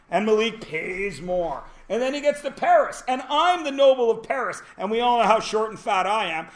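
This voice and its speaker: A man's voice: high-pitched, lively intonation, normal speed, hardly any pauses. A man teaching a classroom lesson, joking and quizzing his students as he goes. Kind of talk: classroom lecture.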